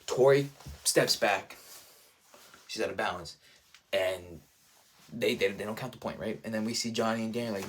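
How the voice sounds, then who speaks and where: A man giving a casual, excited recap as a reviewer, rambling and leaning on "like", "dude" and "bro". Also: fairly low pitch, normal speed, long pauses. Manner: enthusiastic, rambling, heavy use of "like", "dude" and "bro".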